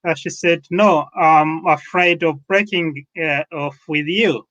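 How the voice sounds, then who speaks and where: High-voiced male host on a call. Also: steady tone, slow, fairly bright tone, lo-fi sound. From London. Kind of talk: interview questions.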